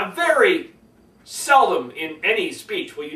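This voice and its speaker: Animated, bright-voiced man teaching speaking. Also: high voice, measured pace, roomy sound, far from the mic, poor audio. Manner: animated, demonstrates tones by acting them out. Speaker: public speaking coach. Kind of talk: speaking-skills lesson.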